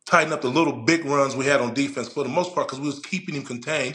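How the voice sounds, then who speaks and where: A man in his forties, a podcast guest and former player and coach, telling stories in a loud, profane, emphatic way. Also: mid-range voice. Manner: animated, profane, emphatic storyteller. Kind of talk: casual podcast chat.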